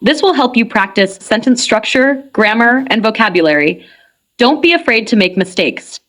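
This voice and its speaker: A woman reading a scripted English lesson for beginners in a clear, measured way. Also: fairly high pitch, expressive, fairly bright tone. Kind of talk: scripted instructional narration.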